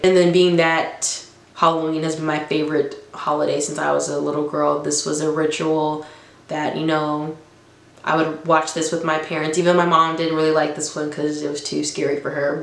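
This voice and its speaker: Laughing frequently, a vlogger in her twenties talks with enthusiasm in a deep, gravelly voice. The casual video has an echoey, roomy sound.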